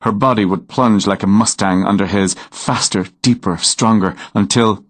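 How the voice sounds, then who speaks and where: A man narrating a romance novel in a measured, unhurried storytelling manner. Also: fairly low pitch, steady tone, no echo. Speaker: audiobook narrator.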